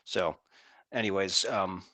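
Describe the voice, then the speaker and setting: A man in sales co-hosting a podcast, talking in an animated, rambling way and acting out his phone calls. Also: low-pitched, takes it slowly, dry recording. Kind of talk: casual chat.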